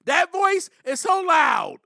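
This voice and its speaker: A man's voice: very high voice, lively intonation, takes it slowly, gravelly, sharp tone, no room sound, studio quality. A man hosting a podcast, giving earnest, reflective spiritual recovery talk, with frequent "you know" and bursts of emphasis. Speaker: podcast host.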